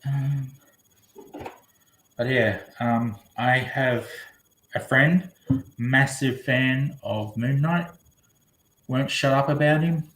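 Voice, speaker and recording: A man's voice: medium pitch, slow pace, pauses often, fairly bright tone. Rambling man live-streaming in an echoey room. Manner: rambling, chatty, reading comments aloud. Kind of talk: casual live-stream chat.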